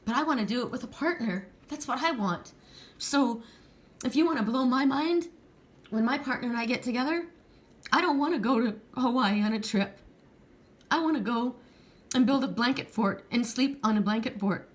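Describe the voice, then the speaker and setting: A woman's voice: on the high side, normal speed. A middle-aged woman giving a heartfelt, rambling pick-a-card reading, tearful at times. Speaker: tarot card reader.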